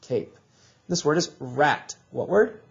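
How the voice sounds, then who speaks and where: A man teaching a recorded reading lesson to children, drilling sounds and words in slow call-and-response. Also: a little high, expressive, gravelly, dull audio.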